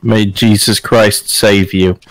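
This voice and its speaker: A man joking crudely and deadpan with friends during an online game. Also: lowish voice, slow pace, rough recording. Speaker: gaming friend. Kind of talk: casual gaming chat.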